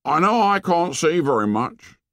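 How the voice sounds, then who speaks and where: A man voicing an anxious, short-sighted boy who pleads in a high, strained voice. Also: sing-song, measured pace, fairly bright tone, no room sound, studio quality. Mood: fretful.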